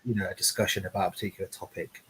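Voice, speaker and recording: A man's voice: low voice, flat delivery, very fast, a bit bright, slight background noise, low-quality recording. A man giving direct, plain-spoken advice as a web developer guest in a casual live-stream chat.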